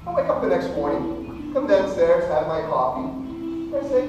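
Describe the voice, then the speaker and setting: Animated stage magician heard from afar. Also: medium pitch, moderate pace, distant mic, muffled recording, slight background noise. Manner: animated storytelling, mock panic. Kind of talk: comic stage patter with audience volunteers. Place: live show hall. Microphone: camera mic from the audience. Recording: echoey hall from afar, music behind.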